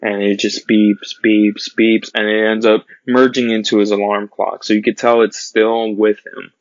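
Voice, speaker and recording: A man's voice: on the low side, little pitch movement, no room sound. Earnest man reviewing a film, muffled. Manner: earnest, pauses and restarts while recounting scenes.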